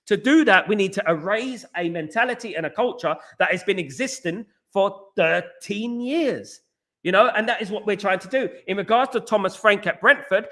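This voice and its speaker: A man from East London with a high-pitched, bright voice hosts a podcast, reading live chat during casual live-stream commentary. He's animated and argumentative, repeatedly says "at the end of the day," and addresses chatters by name.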